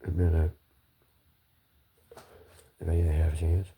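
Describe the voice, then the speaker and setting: A man's voice: rumbling low, flat delivery, measured pace, gravelly, mellow, slight background noise. A man rambling through a solo monologue, swearing, restarting and apologizing often.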